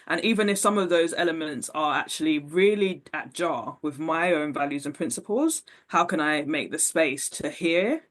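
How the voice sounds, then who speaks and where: A woman's voice: low-pitched, moderate pace, few pauses, a bit bright. A woman, a podcast guest speaking thoughtfully in a conversational interview, with frequent fillers.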